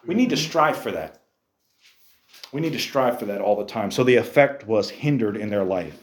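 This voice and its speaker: Animated preaching man, echoey room. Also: on the low side, normal speed. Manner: animated preaching, rhetorical questions to a youth group. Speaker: youth pastor. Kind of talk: sermon.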